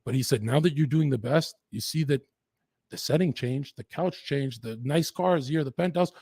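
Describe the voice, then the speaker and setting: A man from western Canada, a podcast guest, telling his story in an intense, profane, rapid-fire way. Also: medium pitch, warm tone, breathy edge, no echo. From Lower Mainland, Canada. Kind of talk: candid storytelling in an interview.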